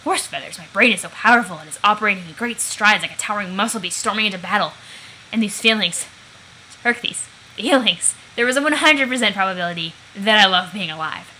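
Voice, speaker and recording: A woman voicing a brash young man who brags about his muscles with loud, mock-old-fashioned exclamations. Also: medium pitch, lively intonation, brisk, slight background noise, low-quality recording. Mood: excited.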